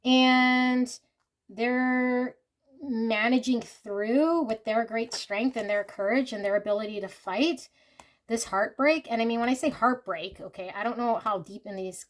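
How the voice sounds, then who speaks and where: A woman's voice: a little high, unhurried. A woman reading tarot cards for her viewers, earnest and emotional, speaking straight to them. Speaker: tarot reader. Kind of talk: intuitive pick-a-card tarot reading.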